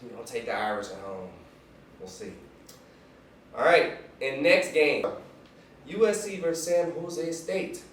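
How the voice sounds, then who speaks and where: A man's voice: fairly high pitch, measured pace, pauses often, a bit bright, a little hiss or hum. A young man hosting a casual sports picks show, hyped, slangy and joking, recorded from a distance in a room. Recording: echoey room, mic far off.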